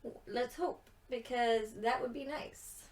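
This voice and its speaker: A woman's voice: fairly high pitch, slow pace, a little mellow, distant mic. A young woman chatting casually and rambling with giggles, tired from too little sleep. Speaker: gaming video creator. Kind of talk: casual chat over gameplay.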